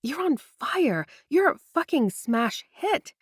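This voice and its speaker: A woman voicing a gushing, excited woman friend. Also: high-pitched, extremely slow, no echo, clean studio sound, pitched above the performer's own voice, heavily acted.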